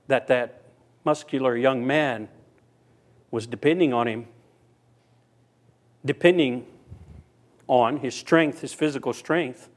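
A man preaching a sermon, telling a story and briefly acting out the people in it. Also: mid-range voice. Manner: storytelling, voicing characters in quotes. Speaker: pastor.

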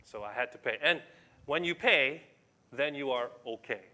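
A man's voice: mid-range voice, animated, moderate pace, bright, forceful tone. A middle-aged man preaching a sermon as pastor, emphatic and conversational, explaining scripture to his congregation.

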